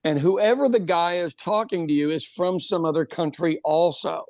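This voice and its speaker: A man's voice: fairly high pitch, moderate pace, a little mellow, no room sound, clean studio sound. A man from Ireland co-hosting a podcast in casual chat, laughing often and repeating words as he starts. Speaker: podcast co-host.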